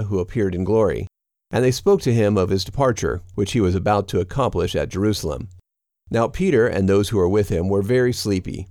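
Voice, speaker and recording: Low-voiced man reading scripture. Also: warm tone, no room sound, clean studio sound. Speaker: narrator.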